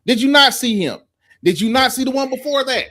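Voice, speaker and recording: A man's voice: extremely high pitch, lively intonation, a little fast, sharp tone. A man co-hosting a casual podcast, teasing and full of slangy banter.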